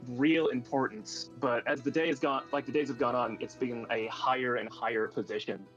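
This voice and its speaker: A man runs a tabletop game on stream, narrating the scene in a middle-pitched voice. He stumbles and restarts as he talks. The audio sounds dull and lo-fi, with faint music playing underneath. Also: steady tone, fairly bright tone. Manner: halting, many fillers and restarts. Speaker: game master.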